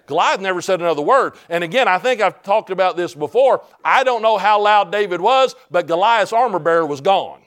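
Fervent man preaching, slightly high voice. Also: animated, brisk, few pauses. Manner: fervent preaching that swells to shouts; calls out "Amen?" to the congregation. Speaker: pastor. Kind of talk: sermon.

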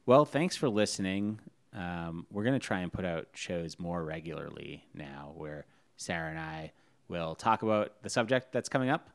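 A man's voice: deep voice, lively intonation, moderate pace, vocal fry. A man co-hosting a podcast in casual chat, dry and teasing. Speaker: podcast co-host.

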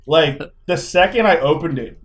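A man's voice: on the high side, expressive, moderate pace, crowd noise. A man co-hosting a casual podcast chat, laid-back and slangy, with frequent swearing. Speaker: podcast co-host.

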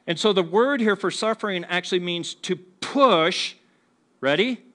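Higher-voiced man preaching with humor. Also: expressive, measured pace, a bit bright. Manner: conversational, humorous, asks the congregation questions; acts out what people say to each other. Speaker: pastor. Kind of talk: sermon. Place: church before a congregation.

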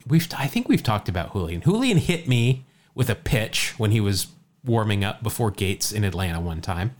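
A man's voice: lowish voice, very animated, normal speed, a little hiss or hum. A man co-hosting a casual podcast, telling a jokey baseball story, often stumbling and repeating words.

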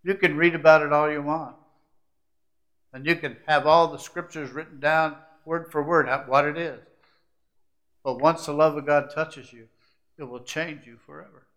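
A man preaching a sermon, shifting from hushed, confiding asides to rising, emphatic climaxes that stack short repeated phrases. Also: fairly high pitch, fairly even intonation, normal speed, pauses often. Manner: repetitive, building lists of short phrases.

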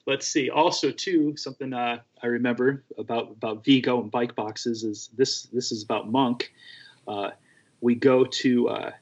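Husky-voiced man, ex-race mechanic, loose rambling storyteller, slightly muffled lo-fi recording. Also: medium pitch. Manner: rambling, filler-heavy anecdotes. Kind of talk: casual storytelling.

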